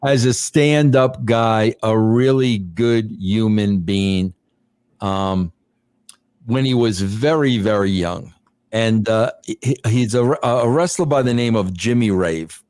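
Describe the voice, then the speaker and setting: A man hosting a casual podcast chat, reading viewer messages in a laid-back, drawn-out way. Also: fairly low pitch, darkish tone, smooth, no room sound, studio quality. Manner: laid-back, drawn-out, says bro a lot. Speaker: podcast host.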